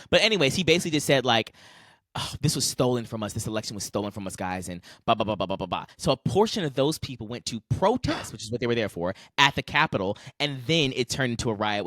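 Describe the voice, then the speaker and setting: A young man co-hosting a podcast who talks fast and swings his pitch all over as he weighs in with opinions. His tone is bright and forceful. The recording is dry and close. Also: no room sound. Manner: quick, opinionated, chiming in with reactions. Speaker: podcast co-host. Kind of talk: casual chat.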